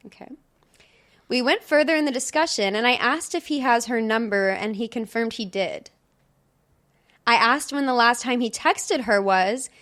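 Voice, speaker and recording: A young woman co-hosting a casual podcast, reading stories aloud in a chatty way. Her voice sits fairly high, and she breaks into laughter often. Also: a bit bright. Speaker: podcast co-host.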